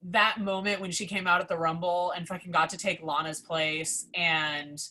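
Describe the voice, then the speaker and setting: Excitable, foul-mouthed young woman storyteller. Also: lowish voice, normal speed. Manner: excitable, profane, heavy use of "like". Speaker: podcast guest. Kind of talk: casual storytelling.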